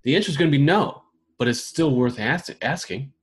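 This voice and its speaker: A man hosting a casual roundtable talk, reading questions off a list and reacting to each with amused asides. His voice sits at an ordinary middle pitch for a man. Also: a little fast. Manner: reads questions aloud with amused, laughing commentary. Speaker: podcast host.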